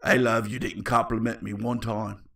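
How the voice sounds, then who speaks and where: A man's voice: lowish voice, flat delivery, normal speed, gravelly, a bit bright, recorded from a distance, voice pushed down. A man putting on a smug mock-Cockney date critic. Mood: condescending. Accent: put-on Cockney. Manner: patronizing, lecturing. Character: smug British male date critic, condescending.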